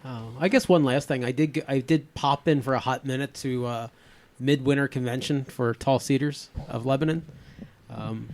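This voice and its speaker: A man's voice: medium pitch, fairly even intonation, moderate pace, darkish tone. A man in his fifties hosting a podcast, chatting casually with lots of fillers and restarts. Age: 50s. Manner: rambling, many fillers and restarts. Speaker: podcast host. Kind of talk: casual chat.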